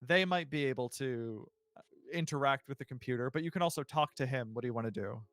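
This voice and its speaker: A man's voice: medium pitch, fast talker, fairly bright tone, dry recording, clean studio sound. A man narrating as game master in a casual, loose way with many fillers.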